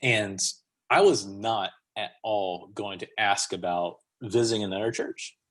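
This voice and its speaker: A man speaking as a podcast guest, who tells his story casually and in an animated way, acting out what people said. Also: on the low side, a little slow. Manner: animated, acts out quotes.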